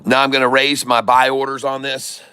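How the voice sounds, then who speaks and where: A middle-aged man hosting a live day-trading stream, giving excited running commentary and calling out to his viewers as "folks.". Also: medium pitch, moderate pace, clear, resonant tone, no echo.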